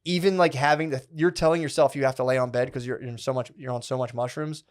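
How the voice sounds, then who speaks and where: A man hosting a casual podcast, rambling through a story with constant swearing and "dude" and "like". His voice sits at an ordinary middle pitch. He slips in and out of quoted voices as he talks. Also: steady tone, fast. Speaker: podcast host.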